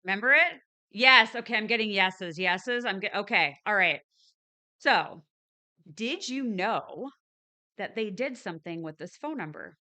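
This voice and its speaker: A woman's voice: medium pitch, expressive, normal speed, sharp tone. A woman hosting a spiritual live stream, talking to her viewers in a chatty, upbeat way with frequent ums and restarts. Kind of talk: casual live stream chat.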